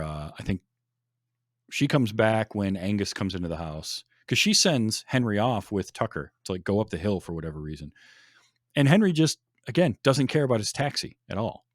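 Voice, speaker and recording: A man's voice: sits low, expressive, a little fast, no room sound, clean studio sound. A man hosting a podcast in casual chat, enthusiastic, laughing often and restarting his sentences. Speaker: podcast host.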